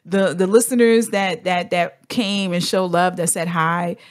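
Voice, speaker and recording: A woman hosting a podcast in casual chat, telling stories with lively acted-out voices. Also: fairly low pitch, a little slow, dry recording, clean studio sound. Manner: animated storyteller, acts out quoted voices. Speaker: podcast host.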